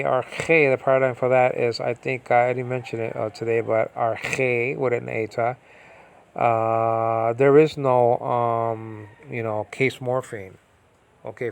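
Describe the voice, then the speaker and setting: A man's voice: mid-range voice, gravelly, low-quality recording. Rambling man teaching Greek at home. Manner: rambling, talks to himself, many fillers. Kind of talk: casual online lesson. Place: at home during a storm.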